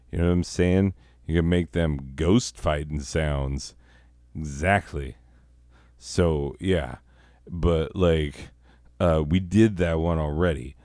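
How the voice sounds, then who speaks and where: A male comedy host with a deep voice and an unhurried, drawn-out delivery. He rambles through stories, swearing constantly and leaning on fillers. The sound is clean, smooth and dry, close to the mic. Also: fairly even intonation, darkish tone, no room sound. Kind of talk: casual profane comic storytelling.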